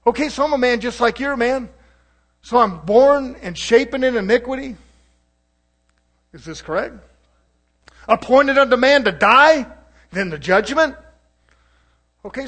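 A man delivers a sermon, swinging between low murmurs and shouted declarations as he calls out to the congregation for responses.

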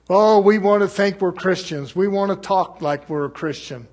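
Man, preacher, high pitch, raspy voice, fervent sermon, rhetorical questions. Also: moderate pace, darkish tone. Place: church service.

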